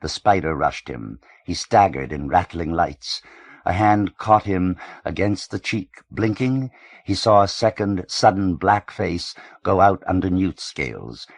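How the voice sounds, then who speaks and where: A man reading a novel aloud in measured, even audiobook narration. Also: deep voice, dry recording.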